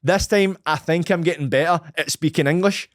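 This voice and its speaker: A Glaswegian man in his thirties who talks as a podcast guest, rolling his R's and spinning rambling, jokey stories. His voice sits a touch high for a man. The sound is dry and close, with no room around it. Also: a little fast, no echo. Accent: Glaswegian Scottish. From Scotland. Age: 30s. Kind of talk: casual chat.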